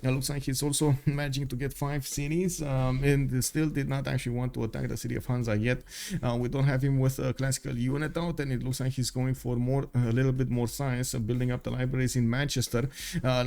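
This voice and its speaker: A man's voice: medium pitch, a little mellow. A man giving live esports commentary on a stream, talking casually with lots of "uh" fillers and asides to viewers. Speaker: stream caster for a strategy game tournament.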